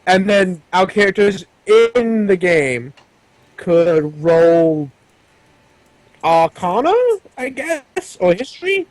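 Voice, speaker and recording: A man's voice: sits high, very animated, takes it slowly, dry recording, poor audio. A man running a tabletop game as game master, chatting casually and hesitantly with many ums and restarts.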